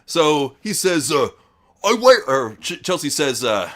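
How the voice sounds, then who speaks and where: A man's voice: mid-range voice, animated, measured pace, fairly bright tone. A man co-hosting a wrestling news podcast, swearing freely and mocking the people he reads quotes from. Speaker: podcast co-host. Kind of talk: crude casual news chat.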